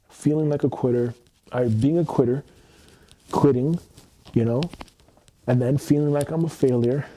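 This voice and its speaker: A man's voice: medium pitch, mellow, breathy edge. A young man venting angrily on a livestream, swearing heavily and repeating himself. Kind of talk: emotional livestream monologue. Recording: noisy stream audio.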